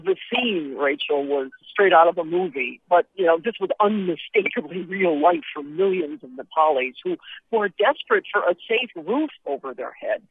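A woman's voice: lowish voice, creaky, slightly rough. A woman correspondent giving a live field report by phone, describing events vividly and with frequent fillers. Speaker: foreign correspondent. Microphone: telephone. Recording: tinny phone line.

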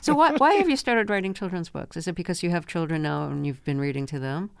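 A woman interviewer asks calm, probing questions with a touch of dry wit. Her voice sits somewhat low and sounds smooth and clear. The recording is close and dry, from a studio microphone. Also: fast, no room sound. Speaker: interviewer, host.

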